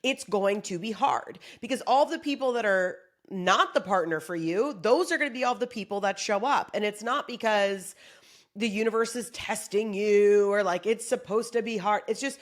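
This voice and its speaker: A woman comedian delivering a casual motivational monologue, joking and swearing freely as she talks. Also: medium pitch. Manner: profane, joking, animated. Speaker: comedian giving a pep talk.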